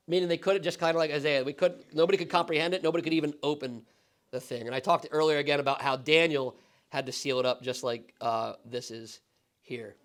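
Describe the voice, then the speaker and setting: A male pastor with a high voice teaches a Bible study in a church classroom. His teaching is conversational and casual, with questions for the class and a frequent "right?"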